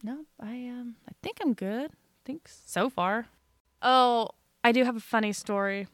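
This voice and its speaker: A woman's voice: on the high side, a little slow, no echo, studio quality. A young woman telling a funny story on a casual podcast, laughing through it. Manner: animated, laughs through her own story. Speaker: podcast co-host.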